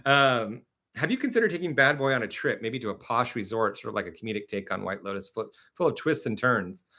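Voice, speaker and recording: Male live-stream host with a bright, forceful tone. He chats casually and tells stories with lots of fillers. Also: medium pitch, fairly quick. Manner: chatty, animated storytelling with many fillers; reads and answers viewer comments.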